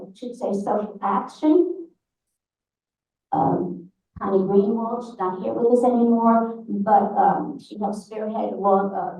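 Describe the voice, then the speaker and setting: Woman, New York accent, meeting presenter; chatty, halting delivery, mellow tone, echoey distant hall sound. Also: mid-range voice, gravelly, muffled recording. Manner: chatty, halting, with many restarts. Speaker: presenter thanking volunteers at a congregation's annual meeting. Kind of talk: informal meeting remarks. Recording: very echoey hall, voice away from the mic.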